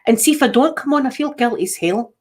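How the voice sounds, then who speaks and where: A woman's voice: on the high side, lively intonation, quick pace, darkish tone. Scottish lady chatting away on her stream, rambly, keeps restarting her sentences. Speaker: livestream host. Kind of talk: casual chat.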